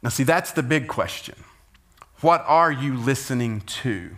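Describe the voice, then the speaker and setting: Animated man preaching a sermon. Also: mid-range voice, a little slow. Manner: animated storytelling, rising to loud emphasis and dropping to quiet asides. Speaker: pastor.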